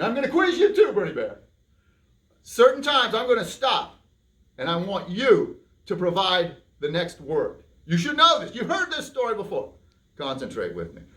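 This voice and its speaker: A high, bright man's voice that leaps all over the place as he reads to kids. He plays it up big, bantering with a puppet and the children, joking and teasing as he goes. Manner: playful, hammy, talks to a puppet and the kids. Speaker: library storyteller. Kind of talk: reading a picture book aloud to children.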